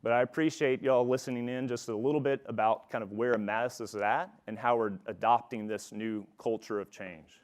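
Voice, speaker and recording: A man's voice: mid-range voice, steady tone, normal speed, hardly any pauses. A man speaking conversationally at a conference, introducing the next speaker. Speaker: company leader introducing a colleague. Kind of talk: conference talk.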